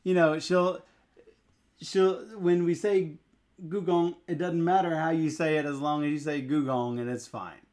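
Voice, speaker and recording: A man's voice: on the high side, fairly even intonation, unhurried, darkish tone. A man from Tennessee, patiently teaching tones to his co-host with a teasing humor. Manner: patient, teasing, drills syllables. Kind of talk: casual teaching chat.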